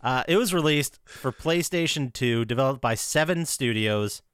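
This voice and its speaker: A man hosting a casual podcast about a video game, leading the talk in an animated way and swearing freely. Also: medium pitch, normal speed, clean tone, dry recording, clean studio sound. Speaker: podcast host.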